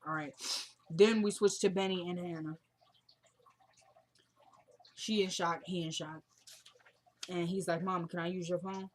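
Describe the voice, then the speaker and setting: A woman's voice: lowish voice, fairly even intonation, a little slow, pauses often, a little hiss or hum. A young woman casually recapping a TV drama episode, retelling scenes and quoting the characters in a chatty way.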